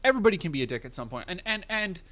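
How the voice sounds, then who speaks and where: A man's voice: high voice, big pitch swings, rapid-fire, fairly bright tone. Rambling, profane male livestreamer. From United States. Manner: rambling, profane, many fillers and restarts. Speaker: livestream host. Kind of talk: casual livestream commentary.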